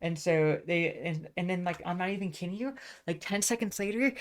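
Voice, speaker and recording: A woman's voice: fairly low pitch, brisk, few pauses. A woman venting in a casual, profane monologue, rambling with many fillers and restarts. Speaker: vlogger.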